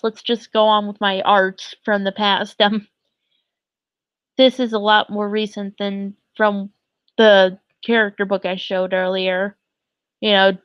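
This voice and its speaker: A woman's voice: mid-range voice, smooth, no echo, dull audio. A woman streamer chatting casually, giggly and gushing, a little flustered. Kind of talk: casual live-stream chat.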